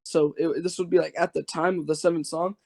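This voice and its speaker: Brief: male debater, slightly high voice, rambling filler-heavy delivery. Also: level tone, a little fast, vocal fry, a little mellow. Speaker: debater and channel host. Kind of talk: casual online debate.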